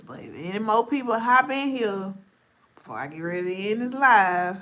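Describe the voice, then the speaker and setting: A woman's voice: medium pitch, expressive, normal speed, fairly bright tone. Sleepy, chatty woman live-streamer. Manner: chatty, playful, talks straight to viewers. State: sleepy, voice going deep and scratchy. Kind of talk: casual live-stream chat.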